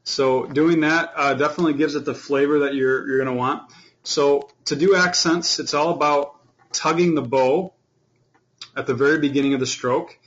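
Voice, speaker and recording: A man teaching an online beginner fiddle class, explaining in a relaxed way with lots of fillers. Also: a little high, moderate pace, dull audio.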